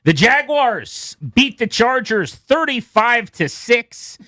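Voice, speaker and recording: A man hosting a sports radio show, rattling off quick game recaps with playful asides. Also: extremely high pitch, very animated, pushed and bright, dry recording, studio quality. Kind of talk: brisk scores recap.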